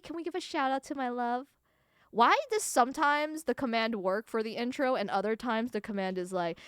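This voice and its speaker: A young woman from California streaming live as a cat VTuber, chatting with her viewers in an excitable, giggly way, swearing often and breaking into squeals. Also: a little high, fairly quick, no room sound, clean studio sound.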